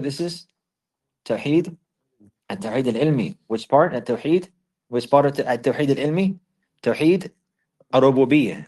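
A man's voice: medium pitch, expressive, moderate pace, long pauses, a little mellow, breathy edge. Male teacher repeating phrases for emphasis. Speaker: Islamic teacher. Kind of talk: religious lesson, explaining Arabic text.

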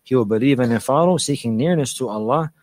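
A man's voice: medium pitch, fast, a little mellow, no room sound. A man teaching a religious lecture, repeating phrases for emphasis and mixing in Arabic phrases. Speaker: Islamic preacher and teacher.

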